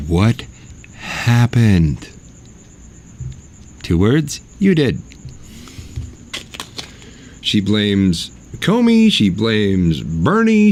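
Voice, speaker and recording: A man's voice: lowish voice, a little mellow. A man hosting his own podcast, talking in a blunt, sarcastic and mocking way. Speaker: podcast host. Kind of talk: opinionated solo podcast monologue.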